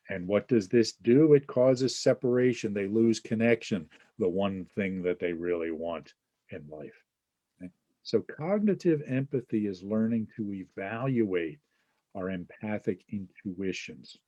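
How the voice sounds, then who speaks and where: A man's voice: low voice, measured pace, warm tone, no room sound, muffled recording. A man hosting a webinar, teaching casually and acting out small example scenes with lots of fillers. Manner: acts out little scenes with quoted voices, many fillers and asides. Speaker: webinar host and Enneagram teacher.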